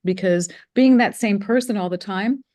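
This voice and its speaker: A middle-aged woman from the United States hosting a spiritual interview, speaking gently with fillers and restarts. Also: mid-range voice, moderate pace. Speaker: interview host.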